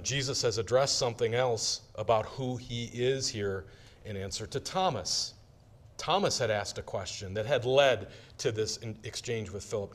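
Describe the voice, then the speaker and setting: An emphatic male pastor delivers a sermon, hammering his points home by repeating phrases. His voice sits at a middling pitch.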